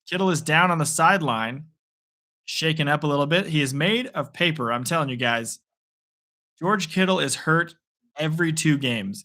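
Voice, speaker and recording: A man's voice: a little high, sharp tone. A man hosting a live play-by-play reaction stream, playful and rambling between calls. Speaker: sports stream host.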